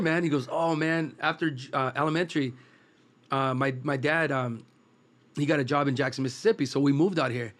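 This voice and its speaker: A man from East Los Angeles, a food truck cook, telling rambling anecdotes in a relaxed, casual chat. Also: fairly high pitch, a little fast. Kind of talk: casual storytelling.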